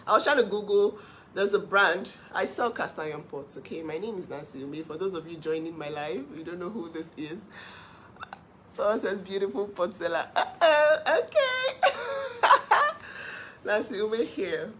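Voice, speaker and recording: A middle-aged woman hosting her own live stream, telling her story with animated emphasis. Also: on the low side, normal speed, a little hiss or hum. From Nigeria. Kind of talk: casual live-stream monologue.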